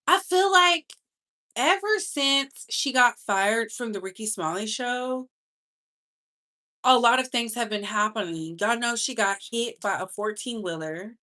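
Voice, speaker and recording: A bright, sharp-toned woman talks celebrity gossip with a sassy, chatty delivery. Her voice sits a little high, and her carries the talk. She drags some words out slowly and rushes others. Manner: chatty, sassy, speeds up and slows down for emphasis. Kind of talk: casual live-stream chat.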